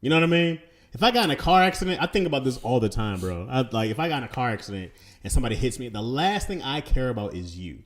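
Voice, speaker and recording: A man's voice: mid-range voice, sing-song, fast. A young adult man hosting a casual podcast, telling stories in a joking, sarcastic way. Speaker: podcast host.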